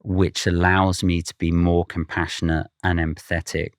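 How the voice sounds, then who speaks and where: A man hosting an interview, speaking in a measured, thoughtful way. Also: low voice, little pitch movement, dry recording, clean studio sound. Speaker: interview host. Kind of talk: conversational interview.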